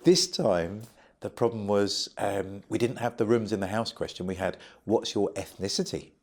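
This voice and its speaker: Man, middle-aged, low voice, animated humorous storyteller. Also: normal speed. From United Kingdom. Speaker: charity founder guest. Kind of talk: interview storytelling.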